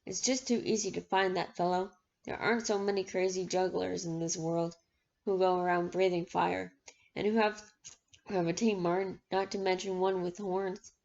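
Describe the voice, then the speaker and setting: A woman voicing a soft-spoken menacing thug. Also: on the low side, flat delivery, moderate pace, gravelly. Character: menacing adult male gang thug. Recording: dull lo-fi recording.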